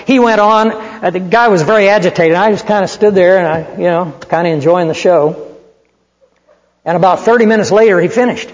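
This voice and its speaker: High-voiced man preaching in a reverberant hall. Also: brisk. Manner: animated, conversational storyteller. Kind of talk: sermon with storytelling. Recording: muffled hall recording with long reverb.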